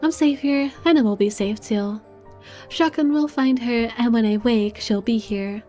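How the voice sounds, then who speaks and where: A woman reading aloud as a proud, weary young man, in a measured, dramatic voice over faint game music. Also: a little high, mellow, lightly acted. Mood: brooding.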